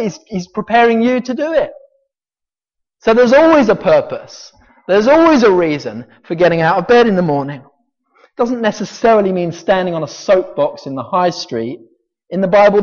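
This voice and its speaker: A man in his forties from Britain preaching a sermon, emphatic, with rhetorical questions and dramatic pauses. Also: high-pitched. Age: 40s. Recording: dull sound with long hall reverb.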